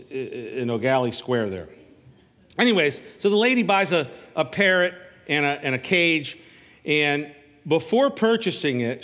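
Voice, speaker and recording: In a large hall, a pastor preaches a sermon in a conversational style, his fairly high, bright voice carrying a forceful tone. He breaks into call-and-response asides, asking the congregation for an amen.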